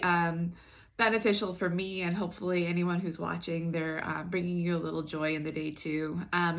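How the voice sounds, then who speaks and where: Lower-voiced woman with a husky morning voice. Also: a bit bright. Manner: earnest, encouraging, repeating phrases for emphasis. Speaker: spiritual daily-message host. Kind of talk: casual spiritual talk to camera.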